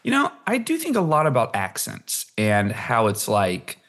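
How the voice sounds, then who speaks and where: A man hosting a podcast, talking in an animated, rambling way and laughing often. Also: on the low side, normal speed. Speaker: podcast host. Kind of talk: casual chat.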